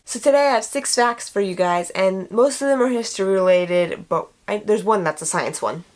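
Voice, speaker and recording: A woman's voice: mid-range voice, normal speed. Chatty young woman vlogging. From United States. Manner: chatty, animated, playful asides. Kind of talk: casual vlog chat.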